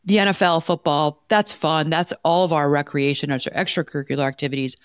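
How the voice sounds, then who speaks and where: A woman's voice: sits low, fairly even intonation, fairly quick, smooth, dry recording, studio quality. A woman co-hosting an advice podcast as a life coach, talking in an emphatic, direct way and telling stories with animation.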